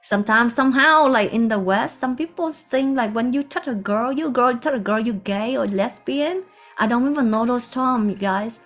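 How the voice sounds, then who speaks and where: Soft-spoken woman telling a spiritual story. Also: a little high, normal speed, soft background music. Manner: soft-spoken, meandering, with hushed asides. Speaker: spiritual teacher.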